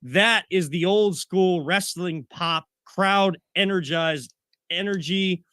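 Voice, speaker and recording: A man's voice: high-pitched, takes it slowly, sharp tone, clear, resonant tone, dry recording, clean studio sound. A man co-hosting a sports talk show, ranting and getting worked up as he makes his point. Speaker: co-host.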